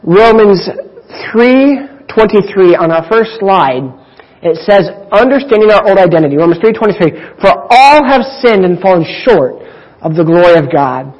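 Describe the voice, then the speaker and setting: A man preaching a sermon, with deliberate, emphatic delivery and drawn-out pauses. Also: high-pitched, animated. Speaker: pastor. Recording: dull lo-fi recording.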